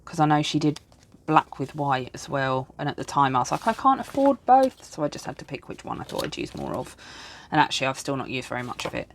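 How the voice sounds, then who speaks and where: A woman's voice: a bass voice, steady tone, fast, a little hiss or hum. A tired woman in her thirties, chatting and rambling while she sets up her planner at home. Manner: rambling, chatty, self-deprecating. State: tired and yawning. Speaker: planner vlogger. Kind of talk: casual chat while crafting.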